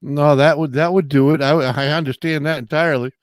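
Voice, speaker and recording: A man's voice: on the high side, fairly even intonation, fairly quick, clear, resonant tone, no echo, studio quality. A man hosting a casual late-night live chat, laid-back and drawling, greeting viewers by name while coming down with a cold. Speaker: live stream host.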